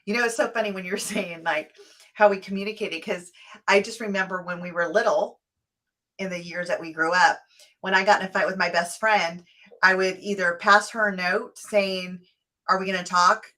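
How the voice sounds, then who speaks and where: Bright-voiced woman co-host. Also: medium pitch, fairly even intonation, moderate pace. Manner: reflective, chatty, laughs while recalling stories. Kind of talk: casual talk-show conversation.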